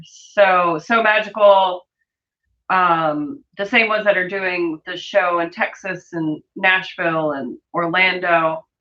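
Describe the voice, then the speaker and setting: A woman's voice: lowish voice, pushed and bright, muffled recording. A woman hosting a sewing livestream, chatting casually and reading viewer comments aloud as she works.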